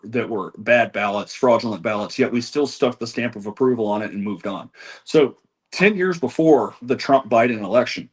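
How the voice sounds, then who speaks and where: A man being interviewed as an election data analyst, reeling off figures with frequent restarts. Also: medium pitch. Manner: rattles off statistics, frequent restarts. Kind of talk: interview answers.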